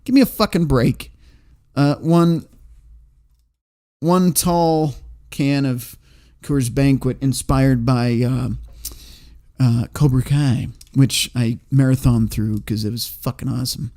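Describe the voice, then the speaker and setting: A man's voice: medium pitch, steady tone, slow, long pauses, mellow. A man hosting a livestream, reading chat comments aloud in a rambling, profane way and laughing often.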